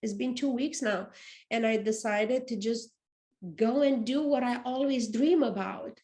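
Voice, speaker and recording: A woman's voice: fairly high pitch, unhurried, mellow. A middle-aged woman with a non-native English accent, hosting a podcast as a casual motivational monologue, earnest and reflective, often repeating and restarting phrases. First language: not English. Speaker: podcast host. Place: apartment.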